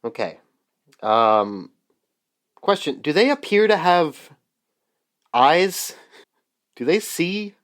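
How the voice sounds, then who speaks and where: A man's voice: a little high, sing-song, slow, pauses often, a bit bright. A man playing a tabletop game, speaking hesitantly with many fillers. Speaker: player.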